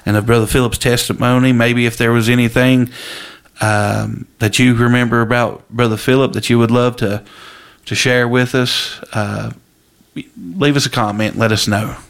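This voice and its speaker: A man hosting a faith podcast, introducing the episode in a halting way with frequent fillers. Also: mid-range voice, flat delivery, creaky. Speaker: podcast host.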